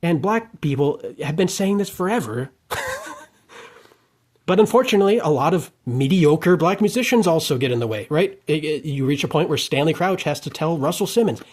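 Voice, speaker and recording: A man giving an unscripted monologue rant, heated and profane, breaking into shouted outbursts. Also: fairly high pitch, lively intonation, normal speed, breathy edge.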